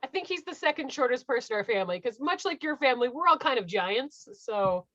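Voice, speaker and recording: A woman's voice: high voice, animated, quick pace, a bit bright, no room sound, lo-fi sound. A woman from South Dakota co-hosting a podcast in casual chat, joking and laughing often. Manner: laughs often, playful, jokey. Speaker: podcast co-host.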